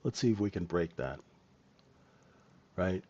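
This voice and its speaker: The recording has its highs cut off, carrying a man's deep, darkish voice with lively intonation and an unhurried pace. He runs a live trading room, casually talking through the market, checking in with listeners often via tag questions and chuckling asides.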